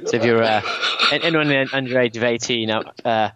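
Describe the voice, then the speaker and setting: A man hosting a podcast, telling a running story in a casual, animated way. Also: medium pitch, a little fast, crowd noise. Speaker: podcast host. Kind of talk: casual chat.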